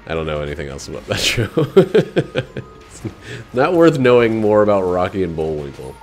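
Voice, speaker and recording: A man chats loosely over his own gameplay, cracking jokes and rambling from one thought to the next. His voice sits low but swings widely in pitch, jumping into sudden excited yelps. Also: moderate pace, creaky, soft background music. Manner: rambling, jokey, excitable outbursts. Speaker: game streamer. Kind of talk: casual let's-play commentary.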